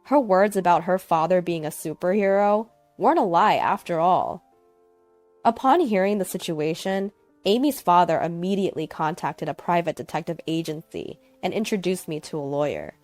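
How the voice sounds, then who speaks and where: A woman reading a first-person story aloud in a scripted, expressive narration. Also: on the low side, normal speed, no room sound, soft background music. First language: English.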